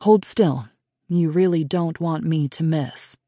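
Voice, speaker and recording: A woman voicing a soft-spoken, stoic male killer who talks almost with pity. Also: low voice, slow, no echo, clean studio sound. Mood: calm.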